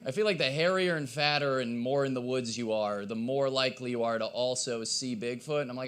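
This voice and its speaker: Hoarse man rambling through stand-up. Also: mid-range voice, fairly quick, a bit bright. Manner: rambling, self-deprecating, trailing off. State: hoarse, cracking voice. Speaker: stand-up comedian. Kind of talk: stand-up comedy set. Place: live open mic in a coffee shop.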